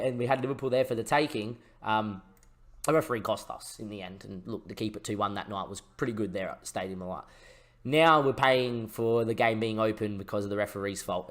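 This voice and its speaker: Young male gaming streamer: casual play-by-play, moody mutters and sudden loud excitement. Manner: swings from low muttering to excited shouting. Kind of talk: let's-play commentary over a football management game.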